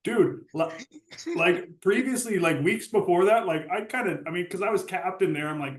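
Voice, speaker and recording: A man's voice: fairly high pitch, normal speed, distant mic. Guy rambling thru a story, lots of like and whatever, laughing, echoey room. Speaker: guest, former hockey captain. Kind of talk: casual storytelling chat.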